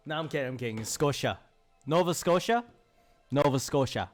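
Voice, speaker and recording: Lively, laughing male streamer. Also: medium pitch, fairly quick, no room sound, faint music behind. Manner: playful, laughs often, tries silly voices. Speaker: live streamer. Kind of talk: casual live-stream chat.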